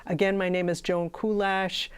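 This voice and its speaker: A woman's voice: fairly low pitch, little pitch movement, normal speed, smooth. A woman hosting a community television interview, friendly and chatty, thanking her guest and audience. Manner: friendly, chatty, laughs often. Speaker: community TV show host. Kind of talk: casual interview chat.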